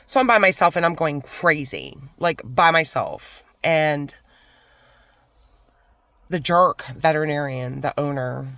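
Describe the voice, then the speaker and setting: A woman's voice: low-pitched, very animated, measured pace, a bit bright, dry recording. A woman vlogger telling a storytime rant about an old job, swinging between fired-up complaints and whispered asides.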